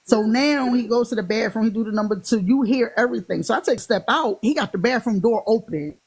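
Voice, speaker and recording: Philly woman, raised voice, lively raconteur who acts out every quote. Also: a little high, fast, husky. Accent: Philadelphia. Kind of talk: casual storytelling chat.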